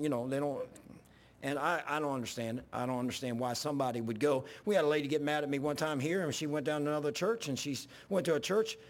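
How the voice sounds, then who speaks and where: A male pastor preaching a sermon in a church, telling folksy stories and rising to yelling when worked up. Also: fairly high pitch. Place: church sanctuary.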